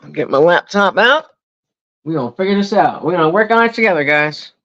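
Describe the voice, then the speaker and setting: A man's voice: high-pitched, expressive, fairly quick, fairly bright tone, no room sound, lo-fi sound. A young man chatting casually on a live stream at home, rambling and interrupting himself with jokes. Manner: rambling, self-interrupting, jokey. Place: at home indoors. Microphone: desk microphone.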